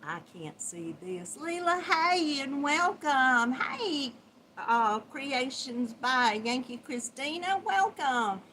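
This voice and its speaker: A woman's voice: high-pitched, very animated, slow, pushed and bright, slight background noise, low-quality recording. A woman with a Southern US accent hosting a casual live-stream chat. She greets her viewers by name, chatting and laughing often. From Georgia, USA. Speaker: crochet channel host.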